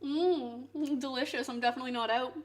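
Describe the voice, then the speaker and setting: A woman streamer chatting casually to her viewers, swinging into loud mock outrage and swearing. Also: high voice, steady tone, a little fast. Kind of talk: casual live-stream chat. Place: home kitchen.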